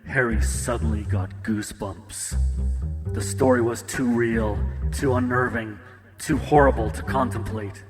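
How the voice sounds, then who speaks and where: A man narrating a ghost story in a steady, even storytelling manner. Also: lowish voice, unhurried. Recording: echoey with guitar music.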